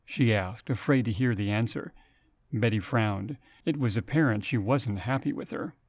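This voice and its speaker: A man's voice: fairly low pitch, moderate pace, no room sound, clean studio sound. Man narrating a story. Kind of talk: scripted narration.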